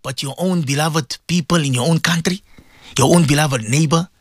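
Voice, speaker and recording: A man's voice: fairly high pitch, moderate pace, husky, dry recording, clean studio sound. A man, a Muslim cleric hosting a radio show, preaching fervently and pleading with his listeners, repeating phrases for emphasis. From South Africa. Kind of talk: impassioned radio sermon.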